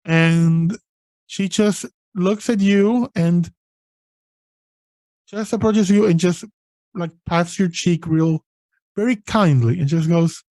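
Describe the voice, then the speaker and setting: Slow, measured male game master. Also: high voice, a little mellow, no echo. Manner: slow, deliberate scene-setting narration. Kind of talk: narrating a tabletop game.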